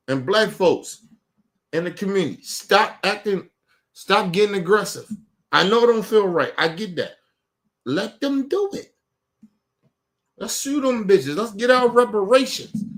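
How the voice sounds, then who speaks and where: Cursing man ranting at his viewers. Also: high voice. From Baltimore. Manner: emphatic, blunt, cursing, repeats himself; addresses viewers directly, urging them. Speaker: online show host. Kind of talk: profane commentary rant.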